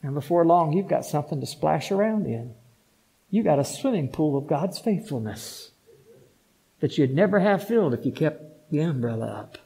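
High-voiced man preaching emphatically. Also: lively intonation, normal speed, gravelly, rough recording. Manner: emphatic preaching with rhetorical questions; shifts between soft asides and loud declarations. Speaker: pastor. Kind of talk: sermon.

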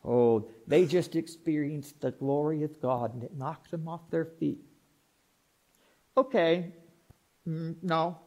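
A man preaching a sermon, dramatic and humorous, swinging from hushed asides to loud excited outbursts as he acts out Bible characters. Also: fairly high pitch, slow, pauses often. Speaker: pastor.

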